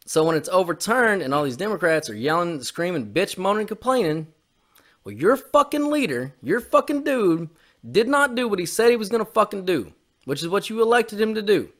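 A man's voice: high-pitched, sing-song, moderate pace, fairly bright tone. A man co-hosting a podcast, ranting on politics in a heated, profane way. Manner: heated, profane, repetitive swearing. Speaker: podcast co-host. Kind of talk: opinionated political rant.

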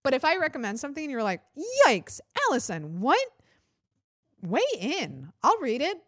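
A woman hosting a political comedy podcast, talking casually and swearing a lot, jumping up in pitch when she mimics others. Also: fast, no room sound, studio quality. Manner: chatty, profane and animated, jumping up in pitch for mock quotes. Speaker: podcast host.

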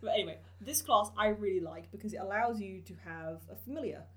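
A woman's voice: mid-range voice, brisk. A woman co-hosting a casual podcast chat, chiming in with short replies and sheepish apologies. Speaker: podcast co-host. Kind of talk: casual chat about tabletop game content.

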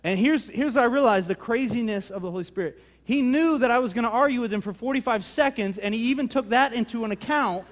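A male pastor preaching a sermon, telling a story in a lively, conversational way that often repeats words. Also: very high voice, quick pace, few pauses. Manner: animated, conversational, repeats words when excited.

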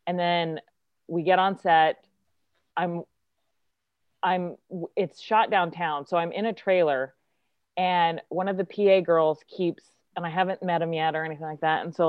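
A woman's voice: low-pitched, clean tone, no room sound, highs cut off. A woman actress, a guest telling a casual, chatty story and acting out the quotes. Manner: chatty, lots of filler likes, acts out quotes.

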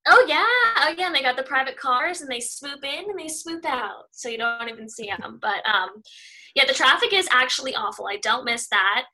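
A young woman from California talks casually as an interview guest. Her voice sits fairly high and rings bright and forward. She is chatty and upbeat, sprinkling in 'um' and 'like'. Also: moderate pace, poor audio. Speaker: news reporter, interview guest.

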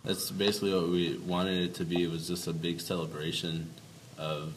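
A man's voice: deep voice, flat delivery, moderate pace. A young man from a band, chatting casually in an interview, laid-back and laughing often. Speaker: band member guest. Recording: distant mic with noise.

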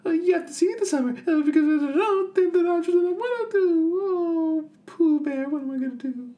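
A man voicing a timid, anxious little cartoon pig who frets and stammers in a very high voice. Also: moderate pace, mellow. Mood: fretful. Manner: nervous, fretful, stammering.

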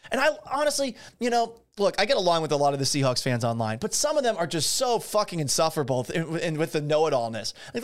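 A man hosting a solo sports podcast, sarcastic and swearing freely, often laughing at his own jokes. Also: a little high. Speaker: podcast host. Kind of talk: casual solo sports talk.

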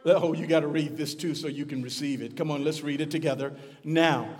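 A man preaching a sermon as pastor, building up to shouted repeated lines and calling on the congregation to answer back. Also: on the high side, brisk, in a large hall. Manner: call-and-response preaching, rising to shouts and repeating phrases. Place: church.

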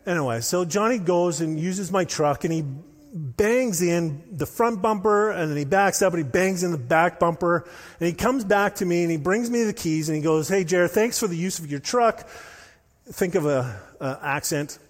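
Animated male pastor in reverberant hall. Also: high voice, moderate pace. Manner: animated storytelling with rising intensity. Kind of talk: sermon. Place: church hall.

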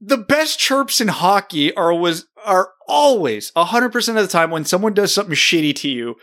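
A man's voice: high voice, moderate pace. A man co-hosting a hockey podcast, talking casually and animatedly about games and playing days. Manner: animated, storytelling. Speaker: podcast co-host. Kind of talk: casual chat.

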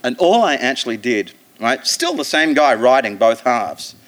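An Australian man, a comedian guest on a live podcast, telling stories in a profane, animated way and slipping into put-on voices. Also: medium pitch, normal speed. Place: theatre stage.

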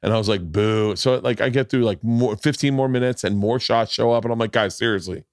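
A man's voice: mid-range voice, fairly even intonation, quick pace, darkish tone, dry recording, studio quality. A man, a guest comedian, telling a stage story in casual chat and acting out the voices of people in it. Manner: acts out voices in punchy bits. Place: podcast studio.

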